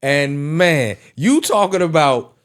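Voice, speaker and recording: A man on a wrestling podcast panel, chatting casually and telling animated stories, swearing freely as he goes. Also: a little high, slow pace. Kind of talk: casual chat.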